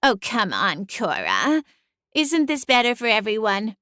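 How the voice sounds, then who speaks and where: A woman's voice: mid-range voice, expressive, unhurried, sharp tone, no room sound, clean studio sound. A woman voicing a smug, sassy female cat familiar in an audiobook, with a drawling, sing-song, condescending delivery. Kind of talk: audiobook character voice.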